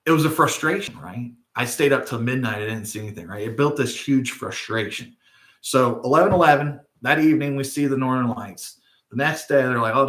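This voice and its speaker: Middle-aged male spiritual vlog host, chatty and digressive, average pitch, roomy reverb. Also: a bit bright. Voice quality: frequent tag questions, digressive storytelling. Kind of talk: casual rambling monologue. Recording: roomy echo.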